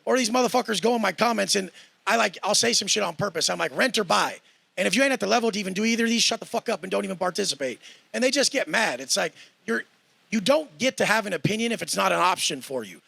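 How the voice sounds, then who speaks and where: A man's voice: sits high, lively intonation, fast talker, vocal fry, bright, forceful tone, dry recording. A man ranting in a cocky, profane way, mocking others in put-on voices. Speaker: guest in a clip being reacted to. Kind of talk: brash boastful rant.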